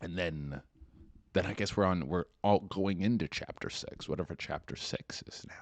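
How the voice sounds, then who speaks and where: A man's voice: low voice, normal speed, no echo. A young man hosting a podcast, riffing through a profane, rambling comedic monologue. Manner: profane, rambling and animated, slips into mocking voices. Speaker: podcast host.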